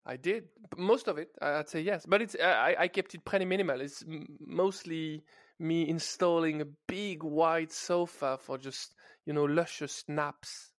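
A man's voice: a little high, normal speed, no echo, studio quality. A man with a French accent, a guest chatting casually from his home office over a call, playful and hesitant with many restarts. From France. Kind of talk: casual remote podcast chat.

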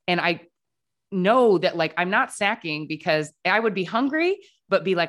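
A woman's voice: lowish voice, expressive, normal speed, fairly bright tone. A woman guest on a podcast, chatting casually and telling her own story, filling her speech with "like" and acting out quoted dialogue. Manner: chatty, frequent "like" fillers, acts out quoted dialogue.

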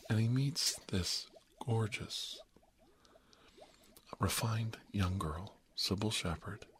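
A man with a very low, deep voice rambles through a comic story. He keeps it animated and wry and drops into hushed, whispery asides. A faint hum of noise sits under his voice. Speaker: comedic monologist.

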